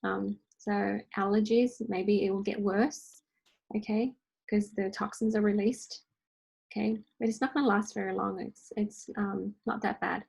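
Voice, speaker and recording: Chatty husky woman leading a workshop. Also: medium pitch, fairly even intonation, measured pace, a little mellow, rough recording. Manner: chatty, checks in with "okay?" and "right?". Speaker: energy healing workshop host. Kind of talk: casual online workshop talk. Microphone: online workshop recording.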